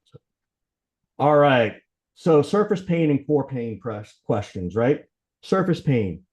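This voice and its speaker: A middle-aged man from Georgia giving a sales training talk, talking fast and conversationally, often tagging lines with "right?" and "you know" while acting out sales dialogue. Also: medium pitch, very animated, darkish tone. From Southern US, Georgia. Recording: slightly dull sound.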